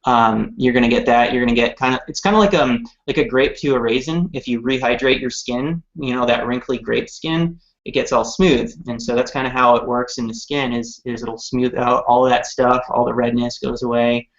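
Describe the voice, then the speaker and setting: A man's voice: medium pitch, normal speed, hardly any pauses. A man in his thirties chatting casually and upbeat about products as a company representative on a live show, with many fillers. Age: 30s. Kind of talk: live-streamed product chat. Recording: dull lo-fi stream audio.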